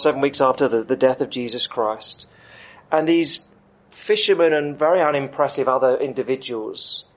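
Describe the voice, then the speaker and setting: A middle-aged man preaching a sermon, emphatic, with dramatic pauses. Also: medium pitch, a little hiss or hum. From United Kingdom.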